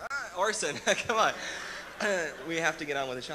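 Brief: cheerful ventriloquist guy, bright tense tone, coaxing his puppet along. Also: a little high, expressive, normal speed, a little hiss or hum. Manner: upbeat, coaxing, playing straight man. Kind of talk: ventriloquist act.

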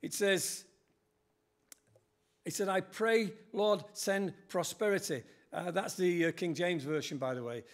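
A man's voice: high-pitched, measured pace. An older man preaching a sermon in a church, earnest and quoting scripture with rising emphasis.

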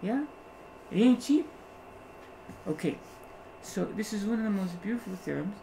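A man teaching algebra to a class, animated, constantly asking rhetorical questions to check that students follow. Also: sits high, moderate pace, vocal fry, slight background noise, low-quality recording. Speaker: math teacher. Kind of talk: classroom lecture.

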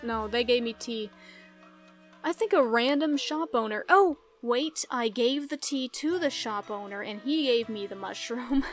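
A woman with a Southern US accent giving casual, giggly, joking commentary while she plays a video game. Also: fairly high pitch. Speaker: let's play host.

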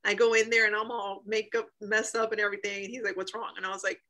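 A woman in her thirties telling an emotional personal story, animated, often laughing and acting out what people said. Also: mid-range voice, quick pace, low-quality recording. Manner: animated, laughs often, acts out quoted voices. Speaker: guest sharing a healing testimony.

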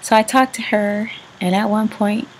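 A woman vlogger telling a personal story in a halting way, with words that often trail off into a soft whisper. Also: medium pitch, fairly even intonation, slight background noise, rough recording. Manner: halting, with many restarts and fillers.

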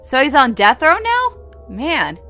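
Woman let's play host, chatty, high lively voice, music behind. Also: unhurried. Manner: chatty, thinking aloud. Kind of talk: game commentary.

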